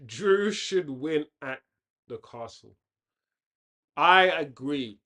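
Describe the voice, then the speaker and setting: Casting note: male streamer, casual live match chat, rambling asides, sudden loud outbursts at the game, mid-pitched everyday voice. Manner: chatty, reacts loudly to the game, rambling tangents. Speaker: host of a football watchalong.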